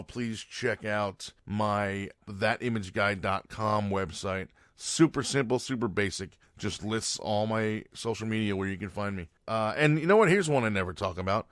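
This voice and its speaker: Loose and rambling, the podcast host's long story monologue is dotted with fillers and repeated self-corrections. He speaks at a fairly low pitch, recorded to studio quality without any room sound.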